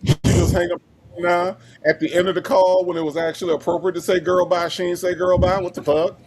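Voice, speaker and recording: A man joining a casual livestream, loud and teasing, swearing a lot. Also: high-pitched, little pitch movement, fairly quick, slight background noise.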